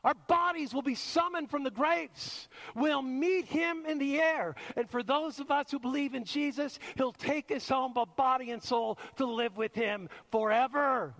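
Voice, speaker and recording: A man's voice: very high voice, unhurried, hardly any pauses, a bit bright. A man preaching a sermon as pastor, emphatic and acting out the voices he quotes. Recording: long reverb of a large hall.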